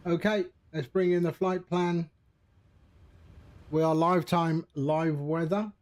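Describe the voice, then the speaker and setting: High-voiced, unhurried man streaming. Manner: relaxed, rambling, chatting to viewers. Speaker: flight sim streamer. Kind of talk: casual live-stream commentary.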